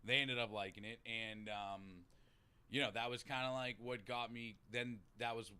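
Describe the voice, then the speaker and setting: A man's voice: medium pitch, moderate pace, clean tone. A man with a Boston accent telling recovery stories in casual chat, swearing freely and acting out what people said. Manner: animated, swearing, acts out quotes. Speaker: podcast guest in recovery.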